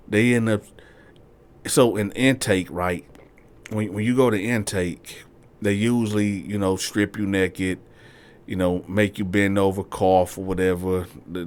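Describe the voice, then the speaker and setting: A man casually telling a story, addressing listeners directly and often checking in with "right?". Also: sits low. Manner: conversational, addresses listeners as y'all, frequent "right?". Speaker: host.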